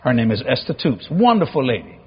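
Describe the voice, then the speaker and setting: A man's voice: mid-range voice, sing-song, fairly quick, slightly rough, dull audio. A man, a pastor telling a story in a sermon, acting out the dialogue and laughing often. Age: 50s.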